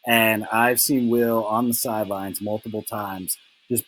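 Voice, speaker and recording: A man's voice: on the low side, steady tone, a little slow, a bit bright, soft background music, poor audio. A young man hosting a casual fantasy football recap, teasing his friends in a rambling way full of "like" and "um.". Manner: teasing, lots of "like" and "um" fillers.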